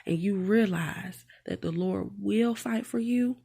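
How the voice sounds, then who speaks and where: A woman's voice: mid-range voice, slow pace, creaky, mellow, slightly rough. A woman reading a Bible passage and reflecting on it from her own life, in an earnest, personal way. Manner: earnest, reflective, talks straight to the viewer with tag questions. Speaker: mother sharing devotional reflections.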